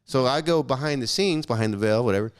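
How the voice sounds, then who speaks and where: A man's voice: medium pitch, quick pace, smooth. A young adult man in casual chat on a podcast, telling stories bluntly with swearing and acting out the dialogue. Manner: blunt, profane, animated storyteller acting out dialogue. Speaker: podcast guest.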